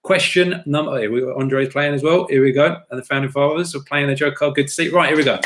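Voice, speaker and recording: A man's voice: fairly high pitch, fairly even intonation, fast, fairly bright tone. A man hosting a live-streamed pub quiz, chatty and upbeat, talking straight to his viewers and reading the quotes out plainly. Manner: reads quotes out plainly without doing voices.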